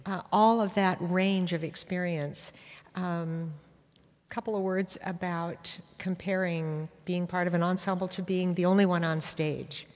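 A woman hosting an interview, asking measured questions with gentle prompting. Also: on the low side, fairly even intonation, long reverb tail. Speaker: interview host. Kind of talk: interview conversation.

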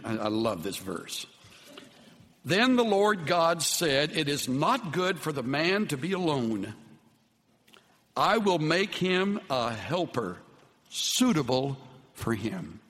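A man preaching a sermon with an earnest, unhurried delivery that softens to tender, quiet passages. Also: fairly high pitch, in a large hall. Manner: slow, earnest preaching with soft, tender dips. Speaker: pastor.

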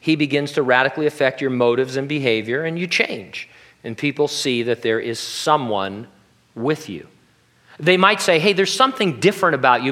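A pastor preaching a sermon in a conversational way, with jokey asides. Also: male voice, mid-range voice, fairly bright tone.

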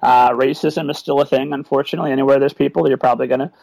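A man, an author, answering interview questions about a children's book with eager, animated talk. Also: medium pitch, racing, gravelly, no room sound, low-quality recording. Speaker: author and podcast guest.

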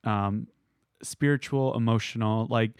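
A man's voice: fairly low pitch, fairly even intonation, unhurried, clear, resonant tone, dry recording, studio quality. A young man as a podcast guest, chatting casually with lots of "like" fillers. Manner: rambling, many "like" fillers. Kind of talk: casual chat.

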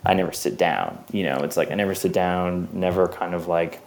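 A man's voice: sits low, steady tone, a little fast, creaky. A man in his twenties, a filmmaker, chatting loosely in an interview, rambling and swearing now and then. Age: 20s. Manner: rambling, swears, acts out quotes. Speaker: filmmaker guest. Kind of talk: casual interview talk.

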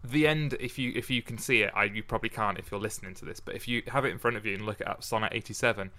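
Bright-voiced man hosting a podcast. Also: on the low side. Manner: measured verse reading, then chatty with restarts. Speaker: podcast host. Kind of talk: casual podcast chat and sonnet reading.

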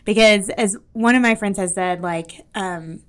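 A woman's voice: mid-range voice, unhurried, smooth. A woman with a Southern American accent, co-hosting a podcast in a friendly, casual way. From Southeast United States. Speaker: podcast co-host. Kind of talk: casual chat.

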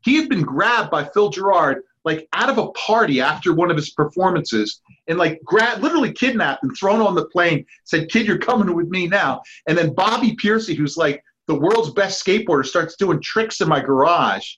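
High-voiced man telling animated stories. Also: moderate pace, hardly any pauses, highs cut off. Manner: lively anecdotes with acted-out quotes and laughs. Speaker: guest, park founder's son. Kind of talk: animated storytelling.

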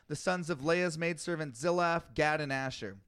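A man's voice: fairly high pitch, normal speed, a bit bright, clean tone, no echo, clean studio sound. A man co-hosting a podcast, reading scripture aloud in casual chat and growing exasperated at long lists of names, swearing as he goes.

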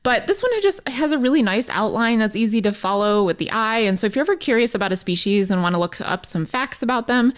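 A woman's voice: medium pitch, fast talker, hardly any pauses. A woman who manages a wildlife program, talking informally and enthusiastically in a radio segment, with fillers and the odd laugh.

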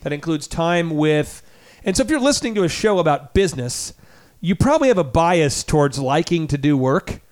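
A man's voice: a little high, big pitch swings, moderate pace, darkish tone. A male radio show host who talks energetically and emphatically, speaking straight to his listeners. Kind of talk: radio talk show interview.

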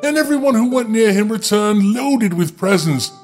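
A man reads a fairy tale aloud for laughs, often stopping for sardonic asides to his listeners. His voice sits high, with faint music playing quietly underneath. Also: animated, moderate pace. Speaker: storyteller. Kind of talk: comedic fairy tale reading.

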